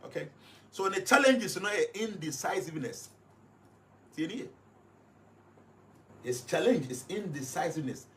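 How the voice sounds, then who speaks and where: A man's voice: on the high side, expressive, normal speed, pauses often. A man with a Ghanaian accent giving explanatory commentary, stressing each point by repeating it emphatically. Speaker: guest analyst.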